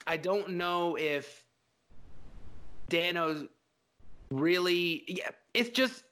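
Animated, higher-voiced man talking film. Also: very slow, clean tone. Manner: animated, profane, acts out scenes. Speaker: podcast co-host. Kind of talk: casual film discussion.

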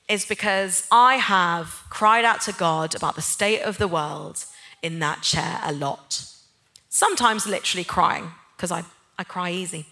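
A woman's voice: medium pitch, sharp tone. A woman giving a church sermon, speaking conversationally and personally, then building to impassioned, emphatic points. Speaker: church speaker, head of a neighbour-love ministry. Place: church gathering.

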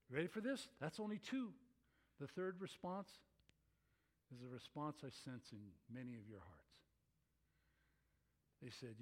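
A male pastor preaching a sermon, animated, acting out the voices of his listeners. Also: on the high side.

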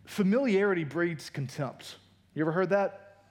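A man preaching a sermon in an energetic, colloquial way, rising in pitch for emphasis. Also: normal speed. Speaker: pastor.

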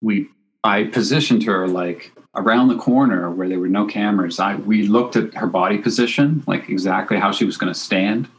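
A man, a photographer being interviewed, telling a story in a casual, animated way and acting out what people said. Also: fairly low pitch, normal speed, rough recording. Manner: animated anecdote-telling with acted-out quotes. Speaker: photographer guest.

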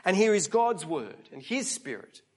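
A man's voice: high voice, sing-song, a little slow, slightly rough. A middle-aged man preaching a conversational sermon, often asking his listeners rhetorical questions.

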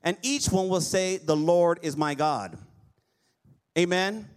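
A male pastor preaching a lively sermon, often asking the congregation for an amen. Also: high-pitched, slow pace. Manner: lively preaching with call-and-response amens.

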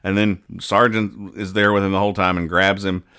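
A man's voice: sits low, little pitch movement, brisk, bright, forceful tone, smooth. A man hosting a casual podcast, reading comic strips aloud and explaining the jokes in a dry, mock-serious way. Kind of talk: casual chat.

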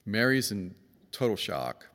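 A low-voiced man gives a conversational sermon in a large church hall, and his words ring on in a long reverb. He tells the story casually and leans into the quoted voices, jumping up high and dropping low for emphasis. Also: big pitch swings, measured pace, a bit bright, faint music behind. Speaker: pastor.

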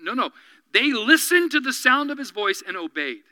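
Bright high-voiced male preacher. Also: brisk, no room sound, rough recording. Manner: animated preaching, dropping to quiet intense asides; acts out quoted voices and dialogue. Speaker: pastor. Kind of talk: sermon.

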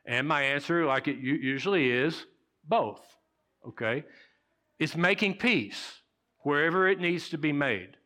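A pastor preaching to his congregation, a man with a bright, forceful voice. He talks in a loose, conversational way, repeats his key words and keeps checking in with "okay?". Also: on the high side, animated, unhurried. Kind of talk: sermon.

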